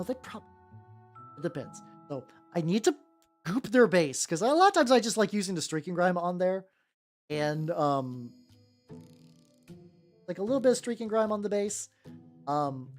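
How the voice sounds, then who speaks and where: Young woman rambling on stream, lots of likes and ums, swingy voice, faint music. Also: fairly low pitch. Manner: rambling, many fillers and restarts, swears casually. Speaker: streamer painting miniatures. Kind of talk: casual livestream chat. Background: soft background music.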